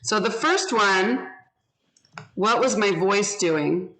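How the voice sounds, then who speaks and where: Woman teacher, unhurried, deliberate, speaking over a video call. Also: medium pitch, lively intonation, a bit bright, poor audio. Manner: slow, deliberate, models pronunciation. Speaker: English teacher. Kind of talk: online class teaching.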